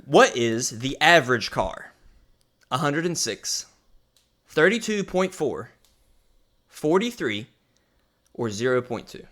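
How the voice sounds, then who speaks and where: A man co-hosting a podcast in casual banter, playful and quick to laugh. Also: medium pitch. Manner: animated, laughs easily, playful. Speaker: podcast co-host.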